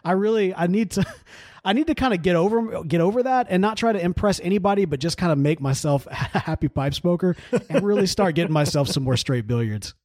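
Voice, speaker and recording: Man, high voice, dry close sound, casual podcast co-host, laughs a lot. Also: animated, brisk, darkish tone, dry recording. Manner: easygoing, laughs often, many fillers. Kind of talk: casual chat.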